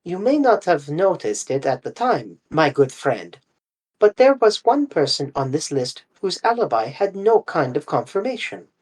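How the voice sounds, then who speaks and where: A reader voicing a fussy, sharp-minded older male detective who asks precise, probing questions. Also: mid-range voice, big pitch swings, moderate pace, breathy edge. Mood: insistent.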